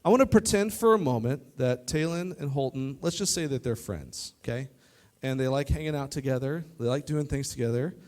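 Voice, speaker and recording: A man preaching a youth sermon to a live audience, lively and joking, talking straight to the crowd. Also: medium pitch, brisk, hardly any pauses. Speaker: youth pastor. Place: church youth service in front of an audience.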